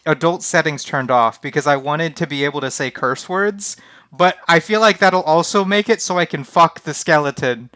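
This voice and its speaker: Reading a text adventure game's text out loud on a stream, a young man sounds casual, flustered, and quick to laugh. His voice is high-pitched, pushed and bright, with a clear, resonant tone and no echo.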